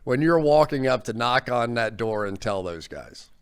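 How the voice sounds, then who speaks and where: A man's voice: medium pitch, animated, normal speed, smooth. Chatty male interview host. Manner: chatty and admiring. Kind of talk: casual interview.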